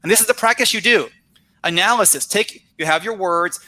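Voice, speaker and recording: Casting note: middle-aged male ESL teacher, bright, slightly raised voice, energetic presenter, dry close mic. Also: high-pitched, a little fast, dry recording. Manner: energetic, explanatory, talks to the audience with "right?" and "all right?". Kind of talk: recorded conference talk on vocabulary teaching.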